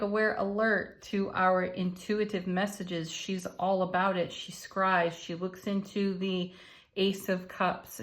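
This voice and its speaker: A woman giving a relaxed spiritual tarot reading, encouraging and gentle, with soft laughs and murmured asides. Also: on the low side. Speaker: tarot card reader and channel host. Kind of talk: unscripted spiritual card reading.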